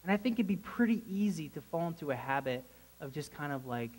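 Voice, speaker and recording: High-voiced animated young-sounding preacher. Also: male voice, a little fast, slightly rough, rough recording. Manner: animated, conversational, bursts into excited shouts. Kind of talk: casual sermon.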